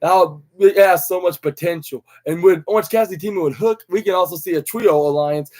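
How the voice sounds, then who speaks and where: This young podcast host talks fairly quickly in a high, slightly mellow voice. Rambling through a wrestling show recap, he keeps restarting and using fillers, and he dramatizes any lines he quotes.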